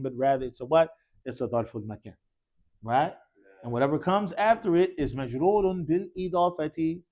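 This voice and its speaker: A man's voice: on the high side, darkish tone. A man teaching an Arabic class in a mosque classroom, leading call-and-response drills and quizzing students with casual, encouraging prompts.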